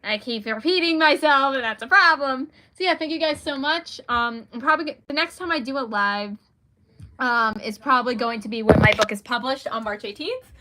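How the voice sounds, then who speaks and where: Young female author, livestream host; higher-pitched, bright tone, laughs a lot, chatty and self-deprecating. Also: normal speed, slight background noise. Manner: giggly, rambling, self-deprecating. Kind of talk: casual livestream chat.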